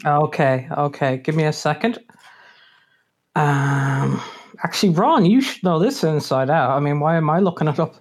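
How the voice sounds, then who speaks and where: A man's voice: fairly high pitch, lively intonation, moderate pace. A man co-hosting prank calls, playing a casual fake tech support agent. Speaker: prank call co-host. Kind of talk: prank phone call banter.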